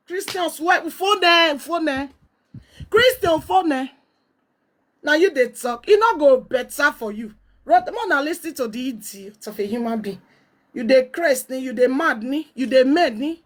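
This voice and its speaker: A woman's voice: sits high, a bit bright. A woman with a Nigerian accent delivering a heated, scolding rant, hurling insults and repeating herself.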